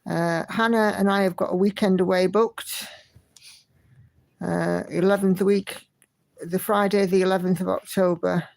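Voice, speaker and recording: A woman hosts a relaxed livestream from home, greeting viewers by name in a friendly, chatty way. Her voice has a gravelly edge, and the sound is dry and close. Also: mid-range voice, unhurried, no echo. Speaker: livestream host. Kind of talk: casual livestream chat, reading viewer comments.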